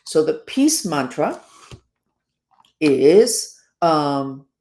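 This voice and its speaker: Woman host, sarcastic and rambling, lively up-and-down pitch, roomy echo. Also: drawn-out words. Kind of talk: spoken self-help talk.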